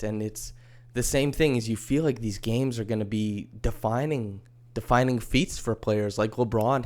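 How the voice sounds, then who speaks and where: A man's voice: medium pitch, a little mellow. Easygoing male podcast host. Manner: chatty, wry, easygoing. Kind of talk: casual solo podcast commentary.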